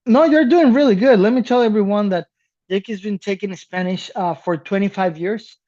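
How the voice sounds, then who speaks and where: A man from South America co-hosting a podcast in casual chat, animated and laughing, swearing casually. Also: high voice, normal speed, lo-fi sound. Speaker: podcast co-host.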